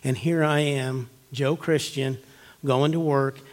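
Storytelling pastor, hushed then emphatic. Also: male voice, medium pitch, steady tone, takes it slowly. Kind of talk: sermon. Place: church.

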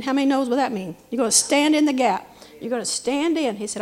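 Fervent high-voiced woman preaching. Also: fairly quick. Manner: fervent, rising to shouted praise, interjecting amen and hallelujah. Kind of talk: sermon testimony.

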